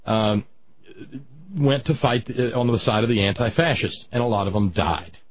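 Rambling husky male radio host. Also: fairly low pitch, no room sound. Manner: rambling, halting, reads chat comments. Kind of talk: casual political talk. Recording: dull lo-fi radio sound.

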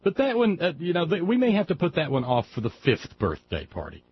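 A man's voice: on the high side, huge pitch swings, brisk, slightly rough. A man hosting a liberal talk radio show, delivering a folksy, digressive, impassioned political monologue. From West Virginia. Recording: dull lo-fi audio with faint background noise.

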